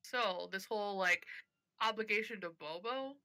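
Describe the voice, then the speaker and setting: Woman, young adult, very bright sharp tone, hesitant speculative chat. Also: medium pitch, normal speed, rough recording. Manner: speculative, hesitant, restarts often. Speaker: podcast co-host. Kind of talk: casual fan chat.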